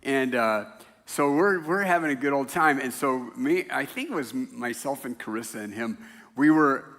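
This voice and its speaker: Older male pastor, bright voice, chatty storyteller who laughs at his own jokes; church hall echo. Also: medium pitch, expressive, normal speed. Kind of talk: casual conversational sermon. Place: church sanctuary.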